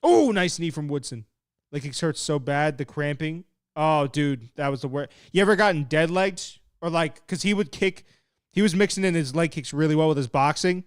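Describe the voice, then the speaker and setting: Young guy hosting a fight watch-along, slightly high voice, smooth and dry close sound, loose and excitable. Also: moderate pace, no echo. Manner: excitable and laid-back, swearing, laughing at chat. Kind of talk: casual live commentary while reading chat.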